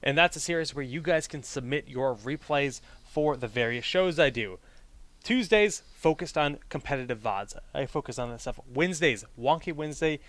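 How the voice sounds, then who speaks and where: A man's voice: a little high, moderate pace, a bit bright, dry recording. A man casting an esports match, chatting casually between games, plugging his shows and joking with his co-caster. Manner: chatty, plugs shows, jokes around. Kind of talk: casual pre-game commentary banter.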